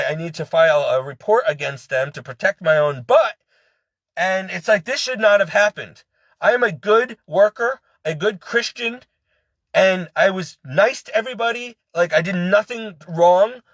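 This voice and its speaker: An angry, upset man vents in a rush, circling back and repeating himself as he talks. His voice sits high for a man. The sound is dry and close, with no room around it. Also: a bit bright, no echo. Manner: agitated, repetitive venting with many restarts. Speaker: ex-employee venting. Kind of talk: personal rant to camera.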